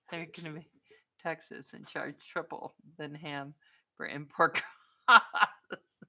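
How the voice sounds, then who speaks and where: A woman's voice: low-pitched, fairly even intonation, slow pace, long pauses, sharp tone. A woman vlogger in a casual live-stream chat with viewers, chatty and playful, often laughing and breaking off to talk to her dog.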